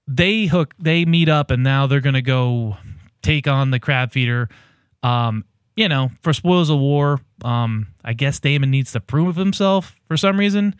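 Male podcast co-host, mid pitch, rambling casual recap, dry sound. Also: smooth, no echo. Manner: rambling, with many fillers.

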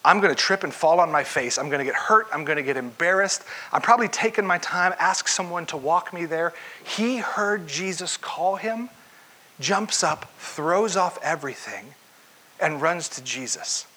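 A man preaching a sermon, telling a story with expressive delivery and acting out parts of the scene. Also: a little high, normal speed, low-quality recording.

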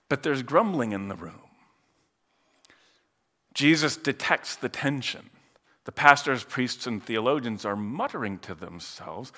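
A male pastor delivering a sermon in a relaxed, conversational way, tossing in asides and acting out quick quotes. His pitch moves a lot and his tone is bright and forward. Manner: conversational, lively retelling with asides and voiced quotes.

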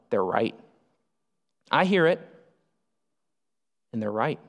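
A man preaching a sermon as pastor, animated, acting out the people in the passage he explains. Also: medium pitch, unhurried, long pauses. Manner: animated, acts out the speakers in the passage. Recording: long hall reverb.

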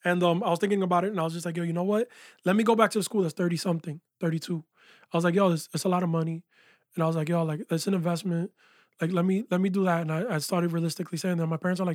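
High-voiced man telling his story. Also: very fast, dry recording, studio quality. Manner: animated storytelling, peppered with "yo" and "like". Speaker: guest, music producer and engineer. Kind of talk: casual interview chat. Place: small recording studio.

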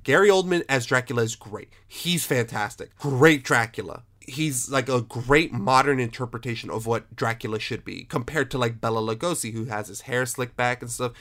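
A man hosting a casual film chat talks animatedly and emphatically, swearing freely and restarting often. His voice is middle-pitched, and he speaks at a normal speed with few pauses.

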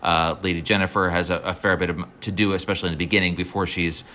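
Man, low voice, casual rambling podcast talk, enthusiastic. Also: fairly even intonation, racing, sharp tone, a little hiss or hum. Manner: rambling, restarts often, enthusiastic. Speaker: podcast co-host. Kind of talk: casual chat.

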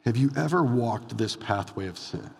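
A male pastor preaching a conversational sermon, rising to loud emphatic bursts and dropping to quiet lines. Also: mid-range voice, lively intonation, moderate pace, creaky, slightly rough, in a large hall. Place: church sanctuary.

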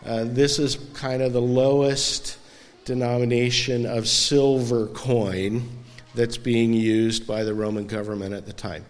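Slow-talking man preaching in a reverberant hall. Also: medium pitch, little pitch movement. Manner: conversational, asks the congregation questions. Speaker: pastor. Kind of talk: sermon.

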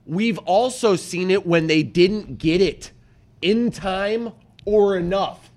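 A man co-hosting a podcast, fired up, backing his partner with loud agreement and swearing. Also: high-pitched, slow. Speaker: podcast co-host. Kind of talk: casual profane chat.

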